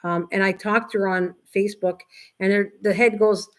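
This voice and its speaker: A woman's voice: mid-range voice, steady tone, moderate pace, a bit bright. An older woman hosting a casual craft livestream, chatting in a rambling way and reading viewers' comments aloud. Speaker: livestream host. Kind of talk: casual chat with live viewers.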